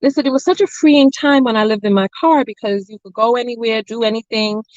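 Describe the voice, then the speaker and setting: A woman's voice: a little high, fairly quick, no room sound, lo-fi sound. A woman hosting a mukbang livestream, chatting casually with viewers and telling stories between bites. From family from Nevis. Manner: chatty, storytelling, playful asides to chat. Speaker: mukbang host. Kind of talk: casual chat with live viewers.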